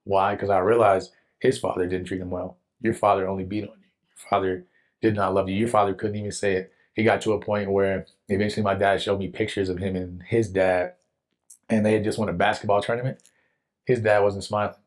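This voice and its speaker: A young man telling a personal faith testimony in an earnest, animated way, with casual slang. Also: low-pitched, brisk. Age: young adult. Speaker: guest telling his testimony.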